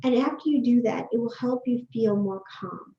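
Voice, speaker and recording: A woman chatting casually in an advice vlog, gentle and reassuring, filling her talk with "like", speaking from a quiet room at home into a desk microphone. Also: on the high side, normal speed. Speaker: vlogger giving self-care advice. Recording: roomy, slightly dull home recording.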